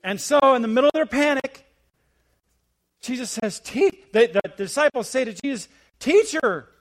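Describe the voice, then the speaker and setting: High-voiced preacher swinging loud to hushed. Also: male voice, moderate pace. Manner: swings between rising, emphatic preaching and hushed, low asides. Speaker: visiting senior pastor. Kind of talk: sermon.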